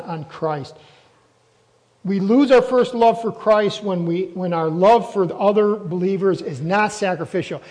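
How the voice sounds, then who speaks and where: A man's voice: high voice, darkish tone, long reverb tail, poor audio. A man preaching a sermon as a pastor, emphatic and throwing questions at the congregation.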